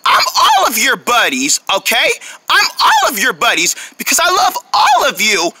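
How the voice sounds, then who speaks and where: Woman voicing an excited young meerkat boy. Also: fairly high pitch, moderate pace, very noisy. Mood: affectionate. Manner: excited, calls everyone together. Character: cheerful young male meerkat, eager leader of friends. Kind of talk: homemade cartoon voice acting.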